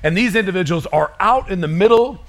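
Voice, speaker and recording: A man in his thirties preaching a sermon as pastor, telling a story with mock screams and quick asides. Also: high-pitched, expressive.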